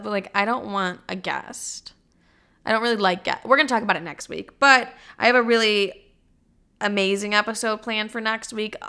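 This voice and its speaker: A woman's voice: medium pitch, pushed and bright, clean tone. A young woman in her twenties hosting her own podcast, signing off in a casual, chatty way full of swearing and rambling asides. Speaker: podcast host. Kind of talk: casual solo podcast outro.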